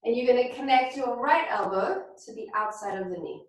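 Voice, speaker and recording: High-voiced woman leading yoga in echo. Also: a little fast. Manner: calm, instructive cueing of poses and breath. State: somewhat out of breath. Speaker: yoga teacher. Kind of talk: guided yoga class instruction. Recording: very echoey room, voice from far off.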